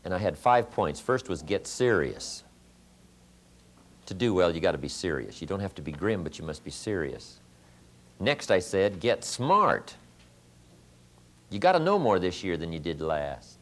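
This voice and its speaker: A man's voice: low voice, very animated, measured pace, pauses often. A man giving a motivational seminar talk, telling stories with emphatic, punchy repeated lines. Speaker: motivational speaker.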